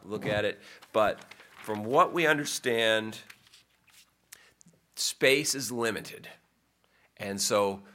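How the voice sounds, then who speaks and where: Bright-voiced pastor making announcements. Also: male voice, fairly low pitch. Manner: folksy and conversational, with asides to the congregation. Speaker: pastor giving church announcements. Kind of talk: church announcements.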